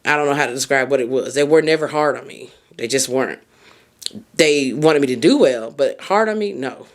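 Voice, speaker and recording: A woman's voice: very deep voice, a little fast. Emphatic woman podcast host. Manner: emphatic, colloquial, talks straight to the listener. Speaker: podcast host and mindset coach. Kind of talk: casual motivational monologue.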